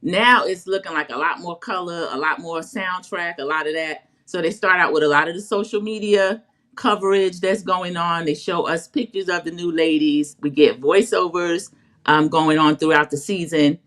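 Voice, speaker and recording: A woman's voice: fairly low pitch, moderate pace, fairly bright tone. A woman co-hosting a casual chat show, retelling the episode in a chatty way and quoting people as she goes. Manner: chatty, storytelling, quotes people in a put-on voice. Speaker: co-host recapping a reality show.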